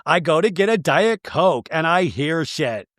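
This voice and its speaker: A man's voice: fairly high pitch, lively intonation, fairly bright tone, no room sound, clean studio sound. A man doing an impression of a defensive reality TV woman who swears indignantly. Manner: indignant, profane, drawn-out.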